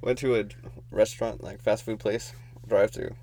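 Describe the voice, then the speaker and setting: A man's voice: fairly low pitch, steady tone, normal speed, noisy background. A young man co-hosting a casual podcast, telling a rambling story and laughing as he goes. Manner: rambling, laughs often, loses his thread. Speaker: podcast co-host.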